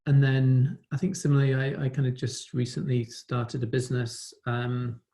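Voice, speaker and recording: A man's voice: mid-range voice, flat delivery, moderate pace, mellow. A man from England with an English accent, a business owner, speaking reflectively on a video call, hedging often. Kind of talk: casual chat on a video call.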